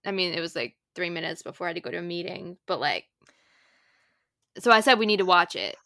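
A woman's voice: fairly low pitch, lively intonation, fast, gravelly, pushed and bright, dry recording, clean studio sound. A woman with a Minnesotan accent co-hosting a podcast, chatting casually with many filler words. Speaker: podcast co-host. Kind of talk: casual chat.

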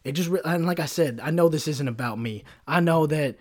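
A man's voice: on the high side, a little fast. A young man from Kentucky, hosting a solo podcast from his bedroom and ranting in a profane, rambling, heated way. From Kentucky, USA. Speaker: podcast host. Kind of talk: casual solo rant. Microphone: desk microphone.

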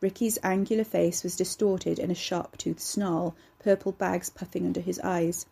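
Husky woman reading horror fiction. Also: fairly low pitch. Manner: measured, steady storytelling. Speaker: narrator and author.

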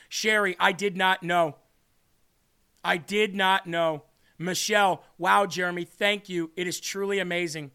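Male podcast host, bright and high, earnest and a little teary while reading live chat. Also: fairly even intonation, measured pace, clear, resonant tone. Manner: earnest, emotional, reads comments aloud. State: tearing up.

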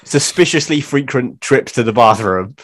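A young man co-hosting a casual podcast, with dry, wry jokes and quick laughs. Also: medium pitch, animated. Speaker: podcast co-host. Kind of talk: casual pub-banter podcast chat.

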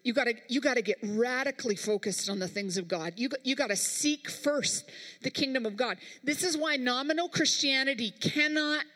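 Woman preacher, bright sharp voice, fairly high, talking right at the congregation, long hall echo. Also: moderate pace. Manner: emphatic, speaks directly to the congregation. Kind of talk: sermon.

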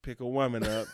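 A young married man co-hosting a podcast, telling stories in profane casual chat and acting out the quotes, swinging from mumbles to loud outbursts. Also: medium pitch. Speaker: podcast co-host.

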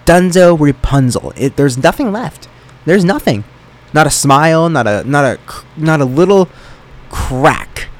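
A man's voice: a little high, very animated, unhurried. A young man hosting his own solo podcast from his bedroom, rambling in a playful, self-mocking way. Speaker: podcast host. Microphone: microphone in his room. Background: faint fan running.

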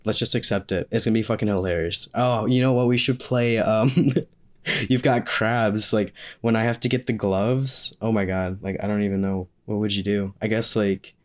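A young adult vlogger from Maine, US, speaks at a moderate pace in a fairly low voice with fairly even intonation. In a casual question-and-answer vlog, he rambles and jokes, laughing often.

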